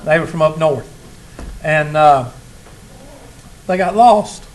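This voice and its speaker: A man's voice: a little high, takes it slowly, low-quality recording. A man, a college instructor talking casually and teasing his class in a classroom. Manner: folksy, teasing storyteller.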